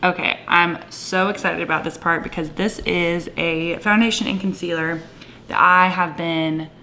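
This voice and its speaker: Gushing woman vlogger, low voice. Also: steady tone, measured pace, slight background noise. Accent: playful put-on Southern twang. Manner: gushing, enthusiastic, drifts into soft whispers. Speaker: beauty vlogger. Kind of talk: casual makeup tutorial chat.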